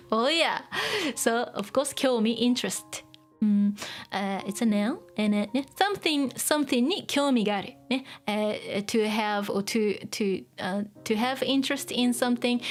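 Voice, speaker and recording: A woman's voice: on the high side, normal speed, soft background music. A woman teaching Japanese in a casual lesson, chatting loosely between English and Japanese with many fillers and small laughs.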